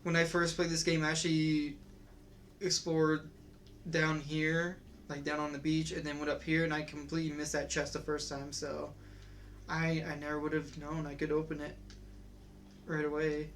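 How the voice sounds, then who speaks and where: A game streamer giving casual let's-play commentary, chatty and excitable, thinking aloud while playing. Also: mid-range voice, moderate pace, a little hiss or hum. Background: faint game music.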